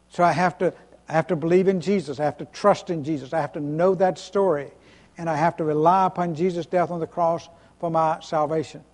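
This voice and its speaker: A male pastor with a high-pitched voice delivers a sermon in an earnest, emphatic way. He repeats key phrases and restarts his sentences. The sound carries the long reverb of a church hall. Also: steady tone, brisk, a little mellow. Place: church sanctuary.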